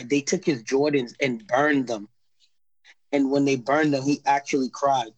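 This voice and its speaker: A man's voice: mid-range voice, steady tone, moderate pace, no room sound, low-quality recording. A man in a casual podcast chat, rambling and laid-back as he recaps a TV show, full of slang and restarts.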